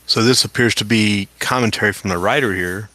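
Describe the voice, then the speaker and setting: A man's voice: on the low side, brisk, bright, forceful tone, dry recording. Dry, skeptical man reading the news. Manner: skeptical, wry asides between read quotes. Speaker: host reading and commenting on articles. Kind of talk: casual commentary while reading aloud.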